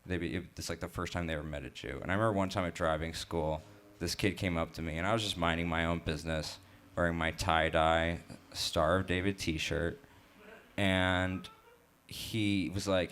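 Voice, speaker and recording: A man from Utah performing a stand-up comedy set at an open mic, telling jokes in a halting way with lots of fillers. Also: deep voice, fairly even intonation, a bit bright, a little hiss or hum. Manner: halting, filler-heavy joke delivery. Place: live open mic stage.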